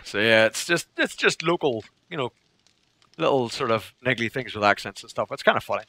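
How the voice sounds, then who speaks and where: A man's voice: mid-range voice, lively intonation, brisk, creaky, pushed and bright. A man from Northern Ireland with a Northern Irish accent, chatting casually on a game stream, telling stories animatedly, laughing often and repeating phrases for effect. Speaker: live streamer.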